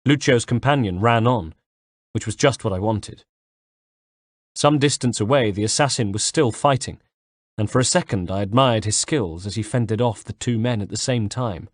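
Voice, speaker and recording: A man reading a first-person audiobook in a measured, dramatic way on a close mic. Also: on the low side, dry recording. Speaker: audiobook reader.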